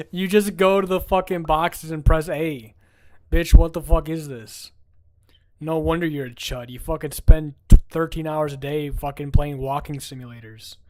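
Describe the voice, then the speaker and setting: A brash young man trash-talking his way through a game stream, swearing freely and ribbing his friends. His voice sits a little higher than most men's. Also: fairly even intonation, normal speed, darkish tone, dry recording. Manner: brash, profane, mocking. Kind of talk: live game-stream commentary.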